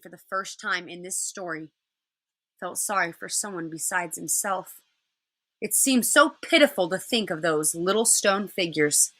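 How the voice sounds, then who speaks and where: A woman teacher reading a children's novel aloud in an expressive way. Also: lowish voice.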